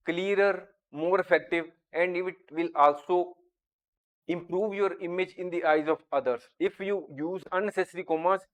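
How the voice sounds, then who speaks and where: A man teaching a grammar lesson, going through each example slowly and deliberately. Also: high-pitched. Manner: slow, deliberate, explains each example step by step. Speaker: English teacher.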